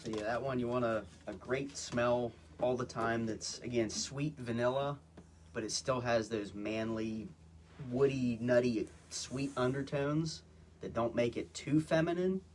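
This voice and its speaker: A man casually reviewing products on a phone livestream, talking in a relaxed, hesitant way with many "um"s and "again"s. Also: medium pitch, measured pace, a little hiss or hum. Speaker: guest co-presenter, husband. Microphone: phone, live stream.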